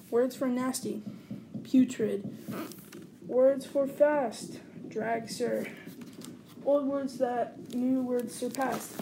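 A woman reading a children's picture book aloud, clear and deliberate, savoring each word. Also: on the high side, noisy background. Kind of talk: storybook read-aloud.

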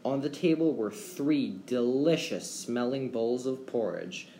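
A man reading a children's fairy tale aloud as a storyteller, with gentle, expressive delivery. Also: medium pitch, unhurried. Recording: roomy echo, faint background hum.

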